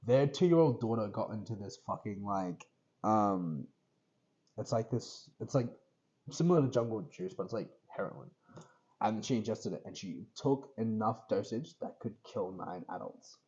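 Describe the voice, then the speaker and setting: Picture a young Australian man in a casual podcast chat, his voice sitting fairly low and his talk loose and rambling, full of fillers and swearing. The audio is dull and lo-fi, with a muffled podcast sound. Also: expressive, moderate pace, dark tone. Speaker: podcast co-host.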